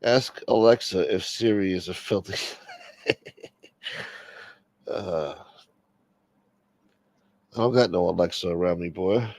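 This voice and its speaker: A man's voice: sits low, slow, creaky, long pauses, a little mellow. A man hosting a late-night livestream, chatting casually in a blunt, profane, streetwise manner. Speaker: livestream host.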